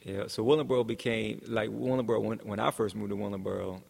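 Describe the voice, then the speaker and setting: A man's voice: lowish voice, little pitch movement, quick pace, creaky, darkish tone, husky, big-room sound. A man who is a guest on a podcast, reminiscing casually and often agreeing with the host. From New Jersey. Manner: agreeable, backs up the host with frequent yeahs.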